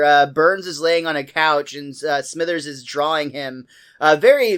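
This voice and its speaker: A man's voice: fairly high pitch, a bit bright, clear, resonant tone. A man hosting a podcast, casually retelling the scenes of a cartoon episode and laughing often along the way. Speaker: podcast host.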